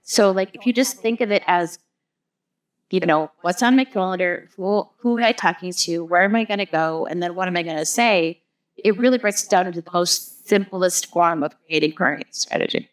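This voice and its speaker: A woman's voice: lowish voice, moderate pace. A woman, a guest on an interview show, explaining her ideas through long everyday analogies with frequent "like" and "you know". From US Midwest. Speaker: guest, marketing business founder. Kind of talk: casual interview chat.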